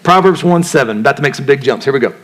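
A man's voice: medium pitch, animated, rapid-fire, fairly bright tone. A male pastor preaching a sermon in a conversational way, asking the congregation questions and acting out the voices in people's heads. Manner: conversational preaching, asks the crowd questions, acts out inner voices.

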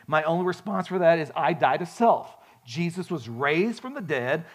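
Animated folksy preacher man. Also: a little high. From grew up on a farm. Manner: folksy, animated storytelling with repeated restarts. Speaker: pastor. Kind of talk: sermon.

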